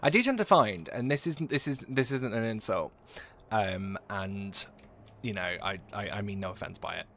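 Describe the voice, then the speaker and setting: A young man from England live-streams a game, chatting jokily with viewers as he reads and answers their messages. His voice is on the low side and a bit bright, at a moderate pace, with a little hiss or hum.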